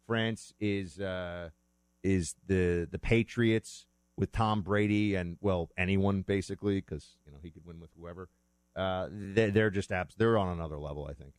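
A man's voice: low-pitched, a little mellow, dry recording. A man talking casually as a host, rambling and correcting himself as he goes, with the odd chuckle. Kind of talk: casual monologue.

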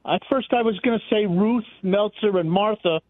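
Male radio caller, stumbling and restarting, higher pitch, narrow phone-line sound. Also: no room sound. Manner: halting, tongue-tied, many restarts. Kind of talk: casual call-in chat.

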